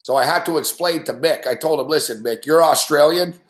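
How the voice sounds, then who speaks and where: A man's voice: on the high side, a little fast. Profane, rambling man host in an echoey room. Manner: profane, rambling, laughs often. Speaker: sports betting show host. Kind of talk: casual live-stream rant.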